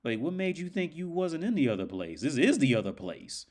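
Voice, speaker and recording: A man's voice: fairly high pitch, big pitch swings, fairly quick, darkish tone, voice pushed up. A man voicing a smug male host of the afterlife in a white suit, slangy and mocking.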